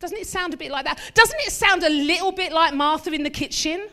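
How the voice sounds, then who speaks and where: A woman preaching a sermon in a lively, conversational way, mixing scripture with humorous personal asides. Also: very high voice, brisk.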